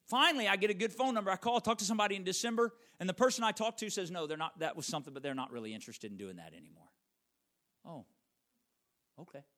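A man's voice: high voice, animated, fast. Man preaching with wide dynamic swings. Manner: swings from loud emphatic peaks to hushed, near-whispered lines. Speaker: pastor. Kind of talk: sermon storytelling.

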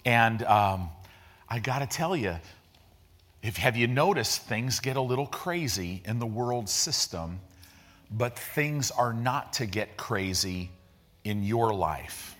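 A pastor delivering a sermon in an easygoing, chatty manner, mixing slang into his teaching. He often slows down to stress a point, then speeds into excited bursts. His voice sits at an ordinary middle pitch for a man. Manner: conversational preaching with slang and vivid retellings.

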